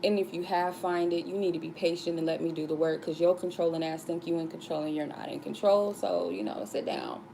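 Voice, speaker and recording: Bossy no-nonsense spirit guide, a woman putting it on, low gravelly tone, scolding and sassy. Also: a little fast, hardly any pauses, background noise.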